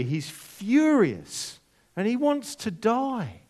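Slow, deliberate male preacher. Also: a little high, expressive. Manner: slow, deliberate, dramatic drops to near whisper on key words. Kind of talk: sermon with scripture reading.

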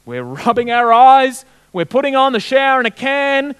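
A man's voice: extremely high pitch, sing-song, moderate pace, a bit bright, smooth. A man preaching a sermon, telling stories and putting direct questions to his congregation. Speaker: pastor.

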